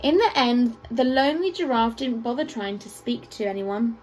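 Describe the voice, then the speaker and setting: At a school assembly, a female teacher reads a picture book aloud to children at normal speed in a fairly high voice. She tells the story expressively and adds playful asides, though the audio is poor.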